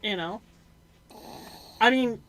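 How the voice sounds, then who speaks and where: A woman's voice: fairly high pitch, slow pace, low-quality recording. A middle-aged woman chatting casually on a video call, telling family stories and acting out both sides of phone calls. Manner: animated storyteller who acts out family phone calls. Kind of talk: casual chat.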